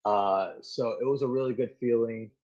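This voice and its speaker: A man's voice: mid-range voice, moderate pace. A man in his thirties, a Marine guest on an interview show, telling a story casually and animatedly with lots of "like"s. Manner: animated, filler-heavy storytelling with many "like"s. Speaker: Marine gunnery sergeant guest. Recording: slightly dull lo-fi audio.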